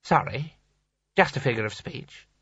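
A man's voice: mid-range voice, expressive, moderate pace, fairly bright tone, husky, no room sound, dull audio. A man voicing a naive, dreamy old rich man who chats in happy wonder.

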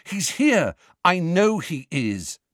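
A man voices a defiant teenage boy wizard in a full character voice pitched above his own, sounding urgent and tense. The delivery is high-pitched and a bit bright with big pitch swings, taken slowly, in studio quality with no echo.

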